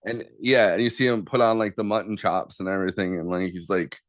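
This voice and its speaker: A man co-hosting a podcast in a casual movie chat, animated as he retells scenes. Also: low-pitched, fairly quick, dry recording. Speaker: podcast co-host.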